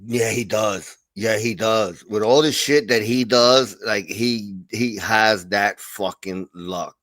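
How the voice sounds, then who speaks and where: A man's voice: fairly low pitch, takes it slowly, fairly bright tone, no room sound. A middle-aged man hosting a casual livestream chat, telling stories loosely with lots of swearing and laughter. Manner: profane, laughing storyteller. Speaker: stream host.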